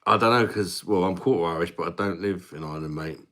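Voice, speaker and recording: A man's voice: low voice, quick pace, fairly bright tone. A man hosting a live stream, chatting casually with viewers, laughing often and greeting them by name. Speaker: livestream host reading chat.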